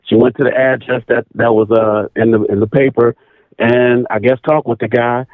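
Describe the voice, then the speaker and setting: A man calling in to a radio talk show, telling a personal story in a casual, animated way and repeating phrases for emphasis. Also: medium pitch, normal speed, dry recording. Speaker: caller. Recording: tinny phone line.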